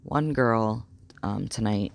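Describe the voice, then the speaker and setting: A young man telling a story in a casual vlog, rambling and excitable with lots of fillers. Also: on the low side, slow pace, gravelly. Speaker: vlogger.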